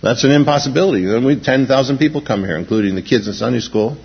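A man preaching a sermon as a pastor, animated, raising his voice when he quotes. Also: medium pitch, fast talker, vocal fry, husky. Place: large church sanctuary. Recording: dull lo-fi recording in a large reverberant hall.

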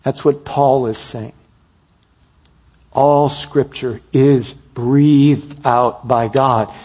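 A man preaching a sermon, telling a story that builds to emphatic peaks and drops to soft, quiet moments. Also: medium pitch, steady tone, drawn-out words.

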